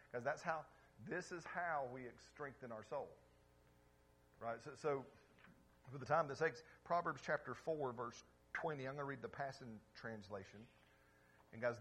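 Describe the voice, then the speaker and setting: Emphatic pastor preaching with twang. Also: male voice, medium pitch, fairly bright tone. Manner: emphatic, asks the congregation questions. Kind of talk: sermon.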